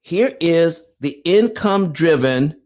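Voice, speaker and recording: A middle-aged man hosting a livestream in a lively, preacher-like way, his voice rising and falling a lot. He sits a little high for a man and reads documents aloud before breaking them down for viewers. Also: takes it slowly. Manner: animated, preacher-like call and response. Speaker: livestream host. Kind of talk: livestream talk reading viewer comments.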